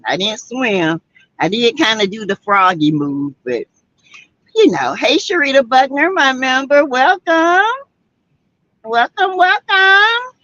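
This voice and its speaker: A Southern-accented woman hosting a laid-back livestream, reading out viewer comments and greeting people by name. She talks slowly, with a voice pitched a little high. The sound is dull and lo-fi. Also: sing-song, a bit bright, dry recording. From South Carolina. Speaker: livestream host.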